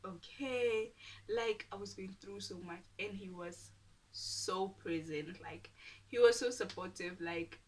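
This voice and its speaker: A young woman from Namibia, telling a storytime with animated, dramatic delivery and whispered asides. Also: medium pitch, slow pace, recorded from a distance. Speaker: YouTuber. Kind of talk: casual storytime.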